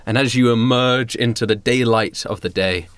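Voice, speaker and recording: A man narrating as game master of a tabletop game, halting, with many fillers and restarts. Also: medium pitch, a bit bright, clean tone.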